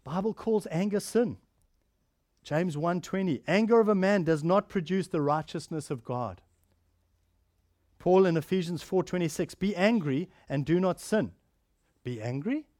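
Earnest high-voiced male preacher, dry sound. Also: animated, unhurried, dry recording. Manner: earnest preaching, rising to emphatic then dropping soft and quiet. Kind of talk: sermon.

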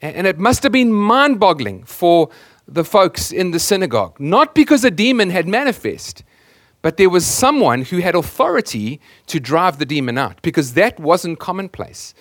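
A man's voice: high voice, sing-song, normal speed, a bit bright, no room sound, studio quality. A man preaching a sermon as the pastor, earnest and emphatic, often repeating words as he searches for the next phrase.

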